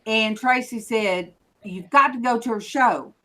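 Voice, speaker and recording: A woman's voice: a little high, measured pace, bright, forceful tone. A woman hosting a casual group chat in a folksy, chatty way. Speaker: show host.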